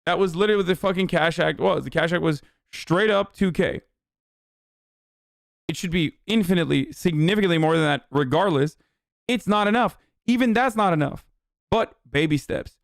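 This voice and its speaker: A man's voice: sits high, moderate pace, vocal fry, no echo, clean studio sound. A young man streaming political commentary, ranting bluntly with a lot of swearing and exasperation. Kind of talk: casual livestream commentary.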